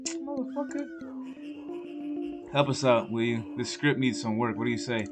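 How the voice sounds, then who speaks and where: A man's voice: mid-range voice, huge pitch swings, normal speed. A man voicing a rude, hot-tempered film director in a video game, barking his lines with game music behind. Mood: brash. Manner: barking, brash and insulting.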